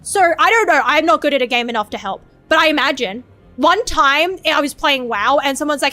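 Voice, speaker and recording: A woman's voice: high voice, lively intonation, brisk, sharp tone, faint music behind. A woman streaming as a VTuber, chatting casually in a rambling, profane, self-mocking way.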